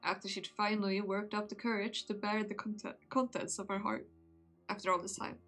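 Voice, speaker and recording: A woman reading aloud the lines of a rueful young nobleman who became a vampire, in a measured, somber way in her own voice. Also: mid-range voice, flat delivery, a bit bright, soft background music. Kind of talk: reading a visual novel aloud.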